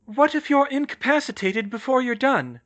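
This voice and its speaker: A man's voice: sing-song, normal speed, bright, forceful tone, highs cut off, full character voice. A man reading aloud voices a clever, anxious teenage girl in an audiobook. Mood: worried. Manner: worried, high-pitched pleading.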